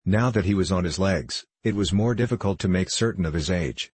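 A man narrates an old novel at a measured pace. His voice is very low and a touch husky. The recording is close and dry, with no room sound. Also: no echo. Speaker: audiobook narrator. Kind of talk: scripted narration of a classic novel.

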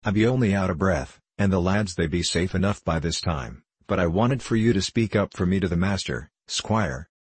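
A man's voice: low-pitched, animated, moderate pace, few pauses, husky, dry recording. A man putting on a whining old rustic poacher. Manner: whining, rustic country dialect. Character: old drunken male village poacher, whining.

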